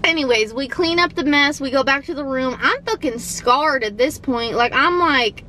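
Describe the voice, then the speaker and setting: High-voiced young woman telling a story. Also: normal speed, slight background noise, poor audio. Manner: animated, swearing, lots of "like". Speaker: vlogger. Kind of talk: casual storytime.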